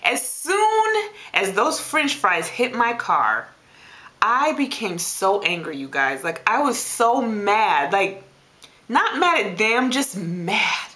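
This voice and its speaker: A woman venting to her camera in a casual vlog, her voice swinging wildly up and down as she tells the story. Her tone is bright and ringing, and the room around her gives back a clear echo. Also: medium pitch, takes it slowly. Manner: animated, exasperated storytelling with big swings. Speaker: vlogger. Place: home room.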